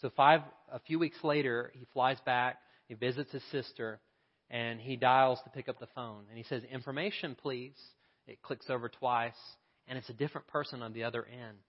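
A man telling a story in a sermon, lively and acting out the voices of its people. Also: mid-range voice, moderate pace, long reverb tail, highs cut off. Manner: animated, acts out the voices in his story. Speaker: preacher.

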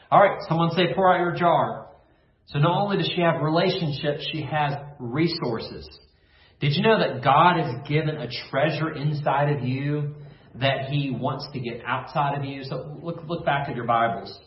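Echoey pastor calling for repetition. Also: male voice, medium pitch, muffled recording. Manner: call-and-response, asks listeners to repeat phrases. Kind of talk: online sermon devotion.

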